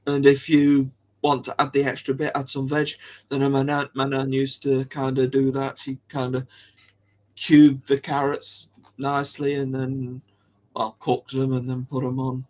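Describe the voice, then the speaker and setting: A young man hosts a casual live stream from home. His voice sits at an ordinary middle pitch, and he rambles from one thought to the next, cutting himself off mid-word and breaking into small giggles. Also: completely flat delivery, a little slow, darkish tone. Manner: rambling, chatty, giggles often, self-interrupting.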